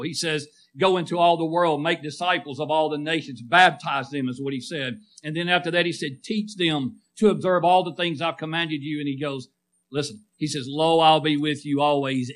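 Male preacher, bright tone, slightly high pitch, swells and drops for emphasis, calls for amens. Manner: call-and-response, asking the congregation for amens; rising and falling emphatic delivery. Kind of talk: sermon.

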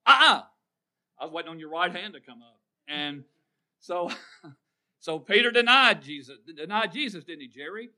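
Bright-voiced preacher, loud then hushed. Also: male voice, a little high, moderate pace. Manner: call-and-response with the congregation, swings from loud to hushed. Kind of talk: sermon.

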